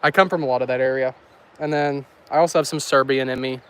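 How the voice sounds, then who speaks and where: Walking beside a country road, this man films a weather livestream on a handheld phone, joking and rambling with his chat. His medium-pitched voice is steady, smooth, and a bit bright, moving at a quick pace.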